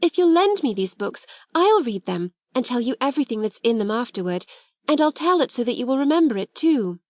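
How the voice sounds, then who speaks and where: A woman reading an audiobook, voicing an earnest, imaginative young girl with an eager, bright manner. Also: fairly high pitch, expressive, normal speed, dry recording, clean studio sound, pitched above the performer's own voice, lightly acted. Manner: eager, bright girlish delivery.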